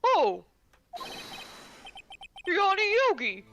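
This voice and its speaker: A woman's voice: very high voice, very animated, very slow, over music, pitched above the performer's own voice, exaggerated voice. Woman playing a puzzled old judge. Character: older male courtroom judge, puzzled.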